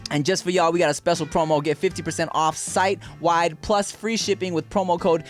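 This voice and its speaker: A man's voice: a little high, steady tone, fairly quick, faint music behind. A laid-back man in his thirties, co-hosting a casual podcast and reading ads, laughing often and talking in slang. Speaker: podcast co-host. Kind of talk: casual chat and read ads.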